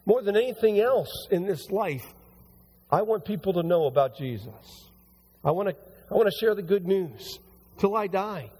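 A man preaching a conversational sermon as pastor, his voice a little hoarse and recovering. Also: high-pitched, expressive, moderate pace, a little mellow. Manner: conversational, rambling with restarts. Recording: long hall reverb.

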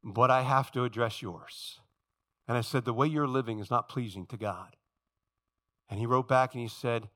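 A middle-aged man preaching a sermon as pastor, swinging from quiet low passages to loud high-pitched exhortation and calling out to his congregation. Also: moderate pace. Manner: calls out to the congregation for responses.

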